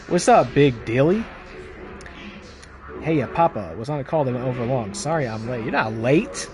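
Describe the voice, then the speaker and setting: A chatty man streaming a video game with a slightly higher-than-usual voice. He jokes, greets his viewers and reads in-game text aloud, breaking in with wry asides. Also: a little mellow. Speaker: gaming streamer. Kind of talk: casual let's-play commentary.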